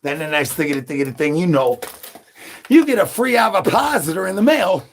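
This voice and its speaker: Husky man rattling off comic nonsense. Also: high voice, big pitch swings. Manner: rapid rhyming nonsense with repeated catchphrases; calls for brains like a zombie. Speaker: comedy streamer. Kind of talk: crude absurd comedy monologue.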